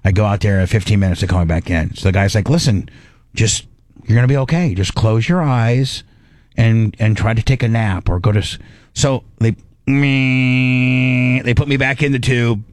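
A middle-aged man tells a story on a talk show, loose and animated, playing out his own frantic self-talk as he goes. His voice sits in an ordinary middle register. The sound is close and dry, with no room around it. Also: medium pitch, normal speed, no echo. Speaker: radio host. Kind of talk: casual on-air storytelling.

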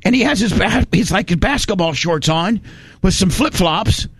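A man's voice: sits high, expressive, moderate pace, husky, no room sound. Folksy rambling storyteller man. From Indiana. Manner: rambling, folksy, restarts often. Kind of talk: casual storytelling.

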